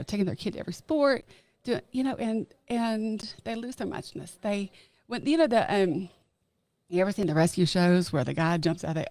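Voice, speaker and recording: A middle-aged woman talking as a podcast guest, earnest and emphatic, slowing down to stress her key points. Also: mid-range voice, vocal fry, a little mellow, dry recording. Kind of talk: casual chat.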